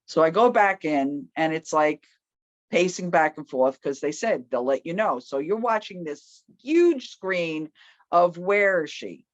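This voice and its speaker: A woman telling a personal story in a casual, loud and animated way, acting out the people she quotes. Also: lowish voice, unhurried, no room sound. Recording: slightly muffled, dry.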